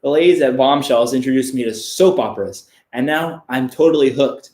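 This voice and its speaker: A man giving a deadpan, mock-serious reading of a children's book on a live stream, breaking off for crude asides. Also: medium pitch, moderate pace, roomy sound.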